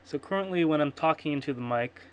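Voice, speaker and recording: A man's voice: on the high side, fast, muffled recording, slight background noise. A man streaming his programming work, thinking aloud in a rambling, self-correcting way and muttering to himself. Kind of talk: casual thinking-aloud coding screencast. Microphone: computer microphone. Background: keyboard typing and clicks.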